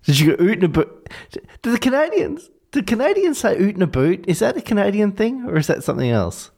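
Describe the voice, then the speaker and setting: Teasing podcast co-host, wildly lively pitch. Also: gravelly. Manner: teasing, quick questions. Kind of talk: casual chat.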